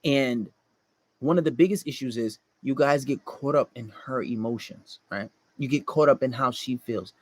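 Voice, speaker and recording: A man's voice: mid-range voice, moderate pace. A man delivering a blunt, profane dating-advice monologue to male listeners, often mocking the people he quotes.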